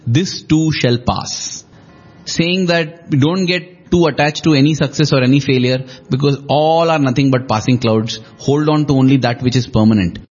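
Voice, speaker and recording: A man in a relaxed spiritual discussion, retelling a story and explaining its lesson in a reflective way. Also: medium pitch, normal speed, few pauses, faint music behind. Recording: dull lo-fi recording.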